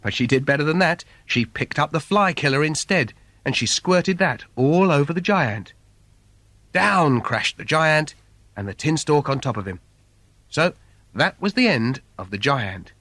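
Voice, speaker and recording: Lively man telling a silly fairy tale. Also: a little high, a little slow, dry recording. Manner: playful, sing-song storytelling with wordplay. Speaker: storyteller. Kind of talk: comic fairy-tale reading for children. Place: recording studio. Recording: dry studio recording.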